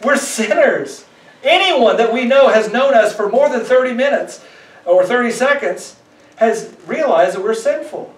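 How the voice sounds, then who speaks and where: A man's voice: very high voice, lively intonation, measured pace, reverberant, far from the mic. A man, a pastor, preaching a sermon in a conversational way, often acting out the voices he quotes. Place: church sanctuary.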